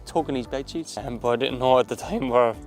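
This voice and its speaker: A man's voice: mid-range voice, a little fast, soft background music. A man with an Irish accent, a footballer telling stories in a casual interview, full of fillers and restarts. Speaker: footballer, guest.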